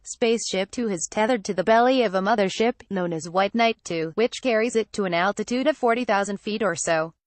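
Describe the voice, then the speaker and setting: Reading a news feature, this woman keeps a steady, measured delivery, not changing her voice for the quotes. She's in a normal middle pitch range, recorded close and dry with no room sound at all.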